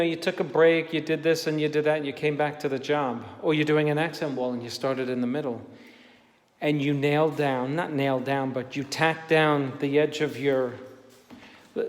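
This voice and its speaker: Man, tradesman tutorial, emphatic, repeats for emphasis, slightly high voice, echoey empty room with long reverb. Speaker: wallpaper installer and painter. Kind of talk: on-the-job tutorial. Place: room in a house being papered.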